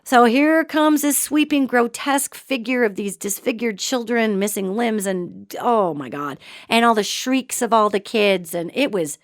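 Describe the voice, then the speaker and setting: A woman hosting a show and telling a story in an animated, dramatic way, with sudden swings between loud and soft. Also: a little high, a little slow, no echo, studio quality. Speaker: podcast host and psychic. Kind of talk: storytelling monologue.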